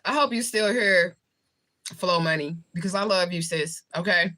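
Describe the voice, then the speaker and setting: A woman's voice: lowish voice, moderate pace, sharp tone. A woman from the southern United States, talking casually to viewers on a livestream, with a rambling, loose delivery. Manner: rambling, talks while eating. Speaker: livestream host. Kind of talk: casual live chat with viewers.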